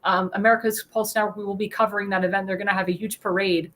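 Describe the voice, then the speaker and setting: A woman's voice: mid-range voice, fairly even intonation, fast, fairly bright tone. A young woman hosting a talk show, ranting indignantly in an opinion monologue and speaking straight to her viewers. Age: young adult.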